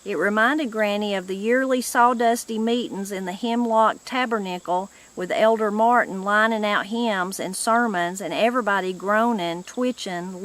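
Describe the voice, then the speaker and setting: A woman reading a novel aloud to her viewers, unhurried and measured. Her voice sits at a middling pitch and takes its time over each line. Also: fairly bright tone. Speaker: reader, channel host.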